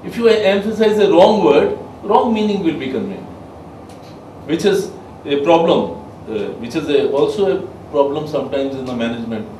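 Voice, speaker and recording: A man giving a soft skills lecture to a class, emphatic and quizzing his listeners. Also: a little high, lively intonation, normal speed, a little hiss or hum. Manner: emphatic, asks the class questions. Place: training room with a class. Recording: echoey room, mic far off.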